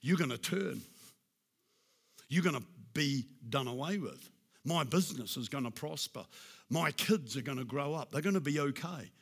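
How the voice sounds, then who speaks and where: A man preaching a sermon in a husky, slightly high voice. He builds to loud, emphatic declarations, then drops to a soft, hushed prayer. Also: expressive, moderate pace. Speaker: pastor.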